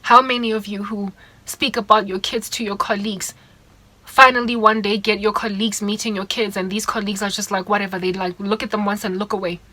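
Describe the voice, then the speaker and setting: A woman's voice: mid-range voice, little pitch movement, a little fast, pushed and bright, dry recording, low-quality recording. A young South African woman with a South African accent, earnestly sharing a hurt, confiding personal testimony in a vlog. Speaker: vlogger.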